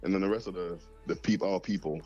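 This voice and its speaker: A man's voice: deep voice, quick pace, darkish tone, soft background music. A man from the north of the UK, a guest in a casual podcast chat, arguing his point with playful sarcasm over a dull, lo-fi remote line.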